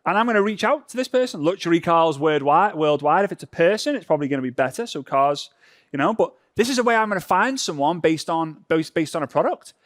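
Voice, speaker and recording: Male workshop co-host from Europe, chatty and loose, fairly high voice, dry close sound. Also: lively intonation, fast, no room sound. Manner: chatty, loose, with many restarts. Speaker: workshop co-presenter. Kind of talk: live workshop demonstration.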